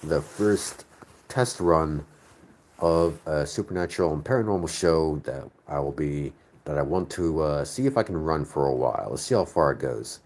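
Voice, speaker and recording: A man's voice: extremely low pitch, expressive, normal speed, darkish tone. A man from the northern United States hosting a casual live chat, rambling and searching aloud for his words. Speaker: host. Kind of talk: casual live chat reading viewer comments.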